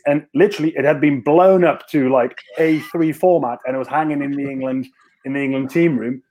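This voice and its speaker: A man's voice: medium pitch, brisk, warm tone. A rugby player on a podcast, telling a story in casual chat with many restarts and fillers and laughing as he goes.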